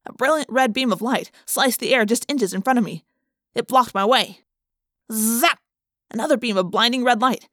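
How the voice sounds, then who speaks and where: A woman's voice: a little high, fairly quick, fairly bright tone, dry recording, studio quality. A woman narrating a children's adventure book in the first person, reading with dramatic expression. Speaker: audiobook narrator.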